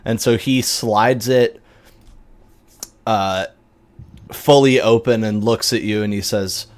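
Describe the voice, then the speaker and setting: Slow, relaxed man running a tabletop game. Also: on the low side. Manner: relaxed, halting with fillers. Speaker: game master.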